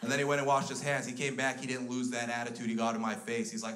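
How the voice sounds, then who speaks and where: A man's voice: medium pitch, monotone, fast talker, a bit bright. A Canadian man doing stand-up comedy on stage, telling crude stories in an exasperated tone. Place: comedy stage before a live audience. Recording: live show with audience noise. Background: audience laughter.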